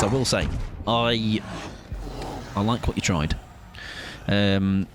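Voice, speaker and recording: Man, playful gameplay commentary, very animated pitch, noisy background. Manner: chatty and playful, talks to chat while playing. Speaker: streamer.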